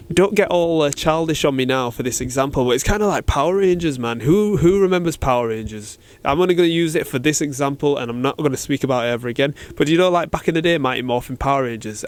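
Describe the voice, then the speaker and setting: A man hosting a casual solo podcast, talking in a chatty, slangy way and acting out little made-up exchanges, recorded in a shop. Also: mid-range voice. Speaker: podcast host. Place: cold shop with fridges.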